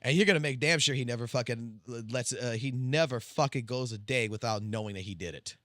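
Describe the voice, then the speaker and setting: A man's voice: mid-range voice, a little fast, a bit bright, dry recording, studio quality. A man casually commenting on a livestream, cursing freely and rambling with stammered restarts.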